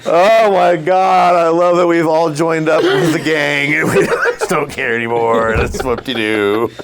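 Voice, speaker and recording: A man's voice: a little high, unhurried, very noisy. A man in a tabletop game, retelling moments and quoting himself as he laughs along. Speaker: player. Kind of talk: casual tabletop game chat.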